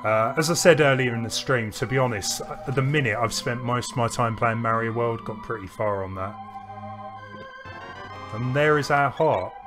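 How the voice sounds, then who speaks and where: With music playing under him, a man co-hosting a game stream chats casually while he plays, in a medium-pitched voice at a moderate pace. He rambles, often restarting his sentences and laughing.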